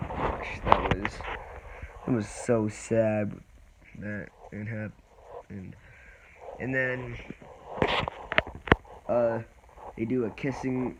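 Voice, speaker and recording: A man giving a casual spoiler movie review, rambling and halting with many restarts. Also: medium pitch. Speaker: vlogger. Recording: noisy background.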